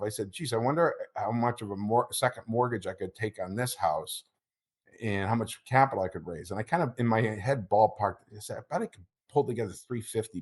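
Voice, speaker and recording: His voice lowish, a middle-aged interview guest tells a personal story, stumbling and repeating words as emotion chokes him up.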